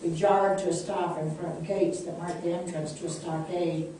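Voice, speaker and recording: Brief: woman reading her storybook aloud, measured and heartfelt, roomy echo, mic set back. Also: lowish voice, fairly even intonation, dark tone, slight background noise. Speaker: author reading her book. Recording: echoey room, distant mic.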